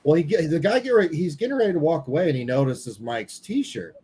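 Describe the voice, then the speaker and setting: A man's voice: on the high side, expressive, quick pace, mellow, a little hiss or hum, low-quality recording. A man co-hosting a paranormal podcast, telling a story in casual chat and quoting people as he goes, swearing now and then. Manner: candid, swears casually, retells dialogue.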